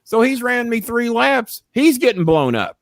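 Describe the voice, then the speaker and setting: A middle-aged man telling a story in casual chat, profane and animated. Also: very high voice, moderate pace, dry recording, clean studio sound. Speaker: storyteller and show host.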